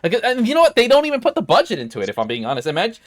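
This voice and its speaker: A young man hosting a casual podcast chat, swearing freely and ranting with big swings in pitch. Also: huge pitch swings, rapid-fire. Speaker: podcast host.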